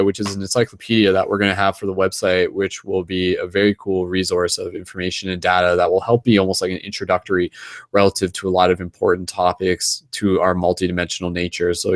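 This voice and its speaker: A man with a deep, low voice hosts an online group hangout, rambling casually and fast with lots of fillers and restarts. He sounds a little tired, his pitch barely moves, and the sound is dry and close with no room echo.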